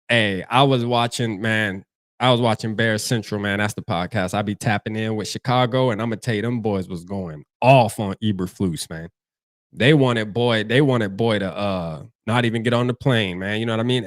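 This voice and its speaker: Hosting a casual livestream, a young man from Charleston, South Carolina, judging by his accent, speaks at a moderate pace in a loose, slangy, repetitive way, reading chat comments out as he goes. His middle-pitched male voice is close and dry, with no echo.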